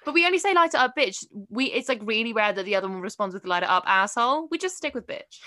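A woman's voice: fairly high pitch, lively intonation, fast, bright, forceful tone. A young woman co-hosting a podcast, chatting casually with many fillers. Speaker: podcast co-host. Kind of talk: casual chat.

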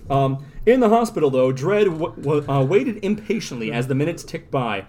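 A man's voice: fairly high pitch, expressive, moderate pace, a little mellow. Man casually narrating comic panels. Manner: describes panels, reads lines, swears casually. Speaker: podcast co-host. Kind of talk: casual chat reading comics aloud.

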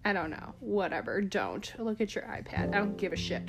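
A woman's voice: medium pitch, very animated, a little fast. Young woman, casual vlog rant, swears freely, rambling and self-mocking, mid-range voice, faint music behind.

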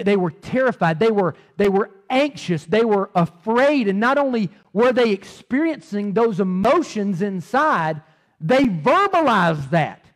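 A middle-aged man preaching a sermon, animated, repeating words and swinging between loud and soft. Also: high-pitched. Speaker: pastor.

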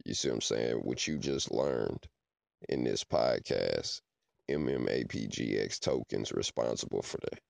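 A man's voice: a bass voice, measured pace, gravelly, dry recording. A man hosting a podcast, talking casually in a rambling way and often checking in with "you know what I'm saying". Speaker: podcast host. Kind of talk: casual monologue.

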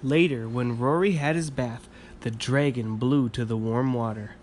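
A man reads a picture book aloud to a young child in a calm, even voice of middling pitch. He stops now and then to ask the child questions about the story, and a faint hiss of noise sits underneath. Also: measured pace. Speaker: reader reading to a child. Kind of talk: bedtime story read-aloud.

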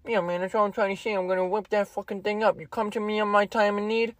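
A man's voice: high-pitched, level tone, fast talker, no echo, lightly acted. Give me a mumbling, menacing mob boss, as a man puts him on. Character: young man doing a mumbled gangster mob-boss impression.

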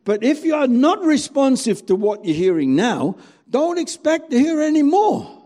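A man preaching a sermon as a pastor, animated and full of rhetorical questions. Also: extremely high pitch, moderate pace.

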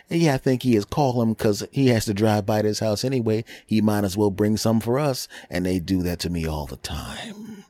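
A man's voice: on the low side, lively intonation, a little fast, warm tone, dry recording. A man hosting his own podcast, telling a rambling, self-mocking comic story and acting out the voices of the people in it. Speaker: podcast host. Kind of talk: comedic storytelling monologue.

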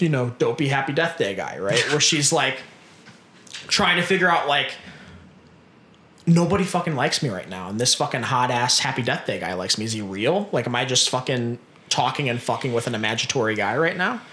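A man chatting casually, telling stories in an animated way and swearing a lot. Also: mid-range voice, fairly quick, echoey room, a little hiss or hum. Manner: profane, animated storytelling. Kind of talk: casual chat.

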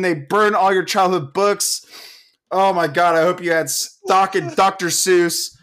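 A slightly tipsy man rants at full volume on a casual podcast, his voice sitting fairly high for a man. He swears constantly and breaks into laughter between angry outbursts. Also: fairly even intonation, unhurried. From Oklahoma, USA. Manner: loud, profane, ranting, laughing. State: a little drunk. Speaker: podcast co-host.

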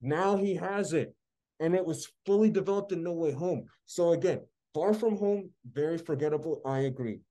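Ranting high-voiced man with a dark tone. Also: moderate pace. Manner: heated, sarcastic ranting. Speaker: podcast co-host. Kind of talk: casual podcast chat.

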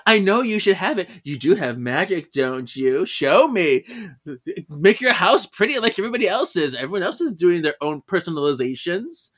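Man voicing a nosy older neighbor woman, gushing, prying, lilting up high. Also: big pitch swings, normal speed, fairly bright tone, heavily acted. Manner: gushing, prying, sing-song.

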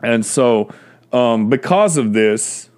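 A man's voice: medium pitch, expressive, slow pace, a little mellow. A man teaching a conversational bible lesson, reading scripture aloud and stressing key words.

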